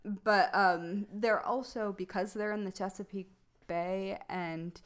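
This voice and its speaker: Slow-talking Midwestern woman. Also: medium pitch. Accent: Midwestern American. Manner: relaxed, rambling, many fillers. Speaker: podcast co-host. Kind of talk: casual chat.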